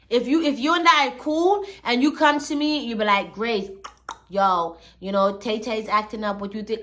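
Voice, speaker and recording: A woman with a high, sharp-toned voice hosts a commentary channel, telling stories in a chatty, slang-filled, casual way.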